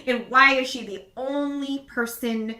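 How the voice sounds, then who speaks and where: A middle-aged woman with a Californian accent, co-hosting a casual podcast chat and telling animated stories about her kids, acting out the quotes in them. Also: a little slow. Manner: animated storyteller, acts out quotes in a high voice and laughs often. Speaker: podcast co-host.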